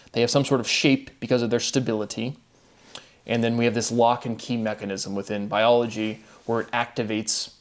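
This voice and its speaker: A man thinking out loud in a loose monologue, breaking off his sentences and starting them again. He hurries through some phrases and stretches out single words. Now and then he drops in a sarcastic aside. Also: mid-range voice. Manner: rambling, self-interrupting, speeds up and slows down on words. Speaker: video host. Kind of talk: casual solo monologue.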